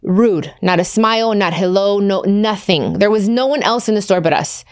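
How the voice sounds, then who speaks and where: A woman in her thirties hosting a podcast, telling stories in casual chat with lively quoted asides. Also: medium pitch, moderate pace, clear, resonant tone, dry recording, clean studio sound. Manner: chatty storytelling with animated quoted asides. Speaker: podcast host.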